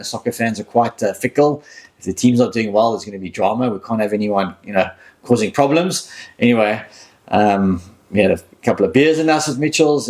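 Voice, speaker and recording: A man shares memories at a memorial, his voice low and gravelly. He talks in halting bursts, filling gaps with "um" and starting over, moved by the moment. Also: a little mellow. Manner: halting, many fillers and restarts. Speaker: family member giving a recorded tribute. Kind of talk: emotional memorial tribute.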